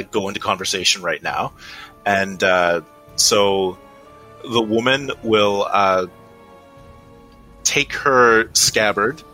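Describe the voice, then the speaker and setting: A man's voice: on the low side, sharp tone. A man narrating as game master of a tabletop game, hesitant and full of fillers.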